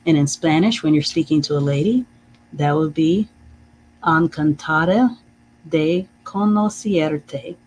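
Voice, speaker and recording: A teacher leading a live-streamed reading lesson, saying phrases slowly and carefully, checking in with "okay?" and chuckling often. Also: medium pitch, darkish tone, a little hiss or hum, poor audio. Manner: reads out viewer comments.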